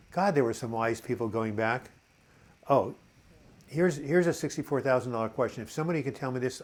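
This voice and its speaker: Older man hosting a relaxed live chat. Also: medium pitch. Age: 70s. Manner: reads comments aloud and answers them, warm and encouraging; halting, frequent uh and repeated words. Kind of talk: casual live chat, reading viewer comments.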